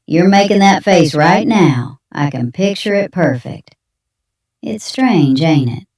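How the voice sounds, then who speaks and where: A young Southern woman speaks with a Southern accent, drawling, plain-spoken and defiant as she leaves a voicemail, voiced by an AI. Her voice sits low and moves slowly. It sounds distant, as if heard across a roomy space. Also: a little mellow. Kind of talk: AI voice reading a monologue.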